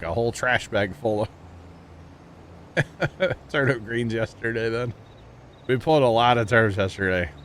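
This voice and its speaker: A man's voice: medium pitch, fairly bright tone, a little hiss or hum. A man streaming a farming game, chatting casually and rambling with lots of fillers. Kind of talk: casual livestream chat while gaming.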